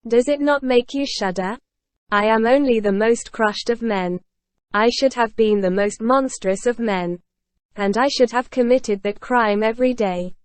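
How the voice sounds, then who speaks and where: Tormented aging ex-convict confessing, read by a woman in a higher dry voice, solemn and grieving, audiobook. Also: no room sound, natural voice.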